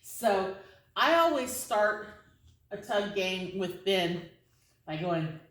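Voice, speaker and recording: A woman dog trainer in a casual, chatty way, explaining how to start a tug game with a dog in an instructional video, with high, excited praise for her dog during play. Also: slow, roomy sound, distant mic, rough recording. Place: indoor training space with other dogs around.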